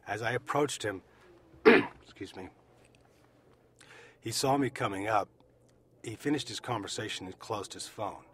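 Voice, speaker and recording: A man from the United States tells his story as an eyewitness, with a lowish voice. He speaks deliberately and leans on repeated phrases for emphasis. A faint hum sits behind him. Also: a bit bright. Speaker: eyewitness survivor. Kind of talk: personal testimony.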